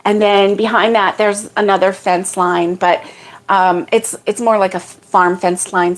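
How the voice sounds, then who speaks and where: A middle-aged woman chats her way through a relaxed morning livestream, meandering from one homey story to the next. Her pitch sits in an ordinary middle range, rising brightly whenever she calls out a hello to a viewer by name. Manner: rambling and homey, greets viewers by name in a lifted voice. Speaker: livestream host. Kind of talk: casual morning livestream chat.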